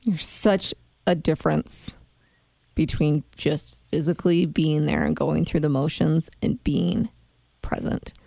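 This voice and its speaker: A woman's voice: low-pitched, fairly even intonation, unhurried, creaky, warm tone, no room sound. A woman hosting a conversational interview, affirming her guest and sharing her own reflections. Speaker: host.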